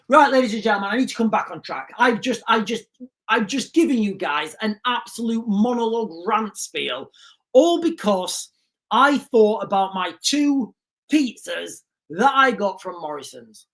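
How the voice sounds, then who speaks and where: A man's voice: high-pitched, big pitch swings, moderate pace, a bit bright. A man hosting a livestream, talking in a rambling, chatty way and laughing often. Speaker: livestream host. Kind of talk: casual livestream commentary.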